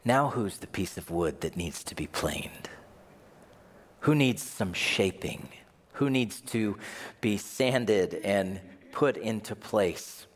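A man putting on a soft, hushed teacher. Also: lively intonation, heavily acted. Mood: gently teasing. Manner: soft, hushed, low and slow. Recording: long reverb of a large hall.

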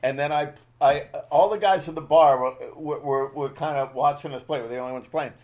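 A man's voice: fairly high pitch, fairly even intonation, a little fast, a little mellow. A man in his thirties hosting a casual podcast chat, teasing his friend and laughing often. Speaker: podcast host.

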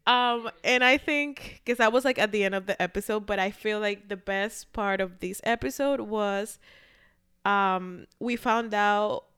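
Smooth-voiced woman podcast co-host. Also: mid-range voice, unhurried. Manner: animated, laughs often, swears casually. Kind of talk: casual chat.

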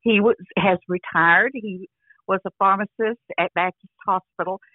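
An older actress chatting casually as an interview guest over a phone line, rambling with restarts and frequent "you know". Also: female voice, medium pitch, steady tone, moderate pace, dry recording. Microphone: phone call.

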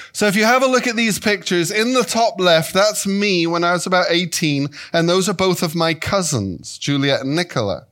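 English man in his fifties, guest preacher, animated and playful, voice on the high side. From England. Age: 50s. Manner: animated, playful, with shifting pitch and pace. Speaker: guest speaker and Bible teacher. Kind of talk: sermon.

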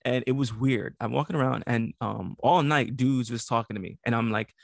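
A man's voice: medium pitch, moderate pace, creaky, no echo, clean studio sound. A man co-hosting a casual podcast, telling stories animatedly with lots of slang. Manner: animated storytelling, heavy slang, frequent laughter. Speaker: podcast co-host.

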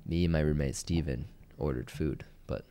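A young man co-hosting a podcast, telling a story in a casual, animated way and acting out the voices of the people in it. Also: rumbling low, moderate pace, smooth. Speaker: podcast co-host.

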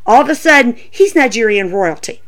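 A woman with a fairly high voice that leaps up and down as she rants. She talks in a loose, casual way, full of "you know" and "come on". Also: fairly quick. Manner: animated, ranting, lots of fillers. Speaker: podcast host. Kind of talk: casual wrestling commentary.

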